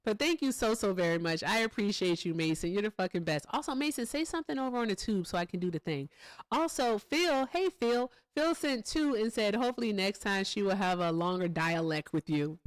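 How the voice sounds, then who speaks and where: A woman's voice: medium pitch, animated, moderate pace, smooth, dry recording. A woman hosting a live stream in a casual, chatty way. She thanks donors, laughs often and swears freely. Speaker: livestream host.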